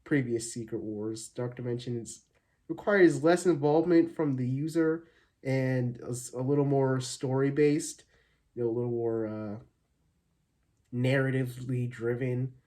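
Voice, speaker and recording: This channel host from Arizona has a medium-pitched, dark voice and a measured pace. His casual thank-you vlog has him talking to viewers in a cheerful, meandering way, full of filler words and false starts.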